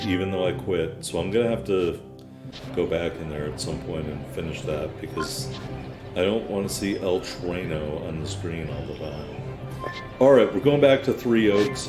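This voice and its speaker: A man with a very low voice chats casually through a gameplay session, drifting into wry asides. His voice sounds roomy, with game music playing clearly behind him. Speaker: gaming channel host.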